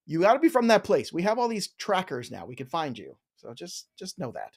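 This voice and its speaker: A man's voice: high voice, very animated, fairly quick. Joking man hosting a live Q&A. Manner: joking, playful banter. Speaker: show host reading viewer questions. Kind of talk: live stream Q&A chat.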